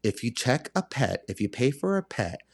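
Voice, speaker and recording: A man hosting a casual podcast tells a long travel story with lots of drama. He acts out the back-and-forth exchanges as he goes. His voice sits at an ordinary middle pitch. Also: big pitch swings, normal speed, vocal fry, slightly rough. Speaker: podcast host.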